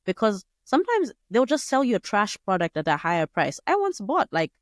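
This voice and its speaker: A young woman hosting a solo podcast, talking in a chatty, digressive way with sudden jumps up in pitch. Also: wildly swooping pitch, a little fast, dry recording, clean studio sound. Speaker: podcast host. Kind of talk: casual solo podcast monologue.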